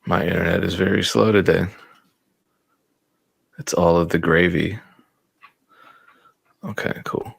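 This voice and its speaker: Low-voiced man teaching casually, thinking aloud. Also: steady tone, a little slow, creaky, pauses often, husky, dry recording. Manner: thinks aloud, stumbles and repeats words while typing; joking and sarcastic at times. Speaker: music producer teaching a beat-selling class. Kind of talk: casual live-streamed tutorial.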